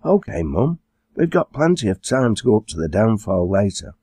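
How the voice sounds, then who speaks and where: A man's voice: lowish voice, big pitch swings, dark tone, slightly rough, no echo, studio quality, voice pushed up. A man doing a cheeky teenage farm girl. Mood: bright. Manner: cheeky, quick-witted.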